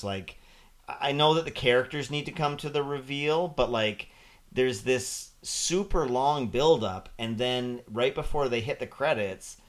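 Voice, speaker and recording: Animated man in casual podcast chat. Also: medium pitch, takes it slowly. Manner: animated, acts out quotes. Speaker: podcast co-host.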